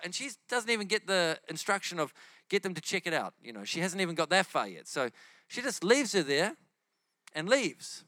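Bright, animated New preacher man. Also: high voice, a little fast, no room sound. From New Zealand. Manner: animated, acts out the people in his stories. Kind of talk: sermon storytelling.

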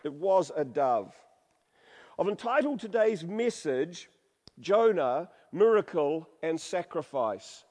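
A man's voice: fairly high pitch, sing-song, takes it slowly, darkish tone. A man preaching a sermon, reading scripture dramatically and joking with the congregation. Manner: dramatic, humorous, varies voice for quotes. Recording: long hall reverb.

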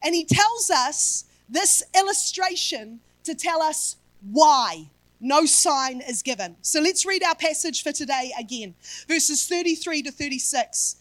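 A woman preaching a sermon with rhetorical questions and sudden shouted emphasis, softening when she reads scripture. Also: sits high, animated, unhurried, no echo.

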